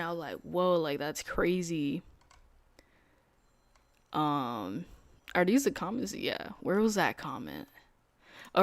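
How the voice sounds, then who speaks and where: A woman's voice: fairly low pitch, dry recording, clean studio sound. A young adult woman streaming as a day trader, talking casually in slangy speech, laughing easily and explaining her setups.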